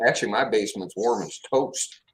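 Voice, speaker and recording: A man's voice: fairly low pitch, fairly quick. A man co-hosting a casual talk show, joking and teasing his friends. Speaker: podcast co-host. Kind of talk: casual chat.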